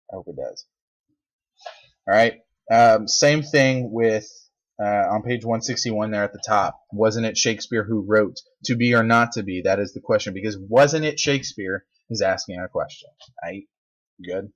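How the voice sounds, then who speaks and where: Joking teacher in a lo-fi lecture video. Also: male voice, fairly low pitch. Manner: animated, joking, exasperated asides. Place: at a desk. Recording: dull lo-fi recording.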